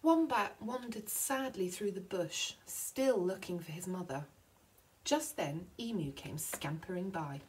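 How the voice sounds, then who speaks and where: Woman, teacher, picture book read-aloud, expressive, very lively pitch. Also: a little hiss or hum, rough recording. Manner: expressive storytelling, slowing for effect.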